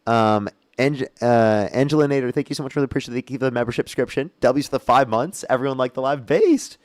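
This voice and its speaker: A man's voice: medium pitch, fast talker. A young man hosting a live political debate stream, combative and profane, rattling off thanks to donors. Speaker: streamer host debating guests. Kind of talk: heated live debate and donation shout-outs.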